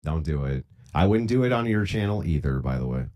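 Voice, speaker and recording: A man's voice: a bass voice, lively intonation, brisk, dark tone. A man hosting a live-streamed debate, talking bluntly and profanely in a lecturing tone. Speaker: debate host.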